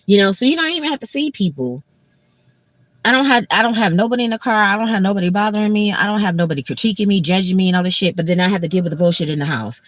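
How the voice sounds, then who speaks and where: A woman's voice: mid-range voice, animated, very fast, no room sound, low-quality recording. A woman hosting a casual livestream from her car, venting emotionally and bluntly with lots of filler words and swearing. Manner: emotional, rambling, heavy filler "like"; blunt and profane. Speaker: livestream host. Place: in a moving car.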